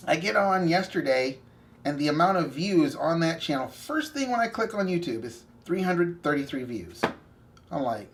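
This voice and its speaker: A young man co-hosting a faith video channel, telling a story in casual chat with animated asides and self-corrections. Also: fairly high pitch, normal speed, slight background noise.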